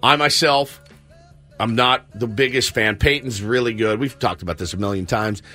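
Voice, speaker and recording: A man's voice: medium pitch, moderate pace, faint music behind. A man co-hosting a sports radio show, joking and laughing in casual banter. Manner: animated, joking, laughs often.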